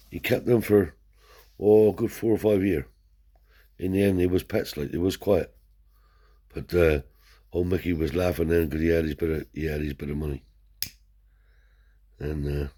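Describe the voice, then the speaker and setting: A man's voice: extremely low pitch, steady tone, moderate pace, long pauses, mellow, husky. An older man, a Romany traveller telling rambling stories in broad dialect, peppered with swearing and "see?". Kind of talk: rambling oral storytelling.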